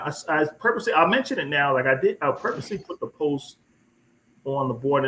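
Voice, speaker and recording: A man hosting a casual live chat, telling a rambling story with many restarts and repeated words, lively when he quotes people. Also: medium pitch, slight background noise, low-quality recording. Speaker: host.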